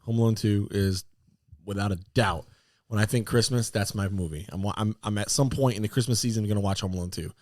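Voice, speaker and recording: A man co-hosting a casual podcast chat, rambling with lots of fillers and sudden excited outbursts. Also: on the low side, brisk, dry recording, clean studio sound. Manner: animated, excitable bursts between rambling fillers. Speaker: podcast co-host.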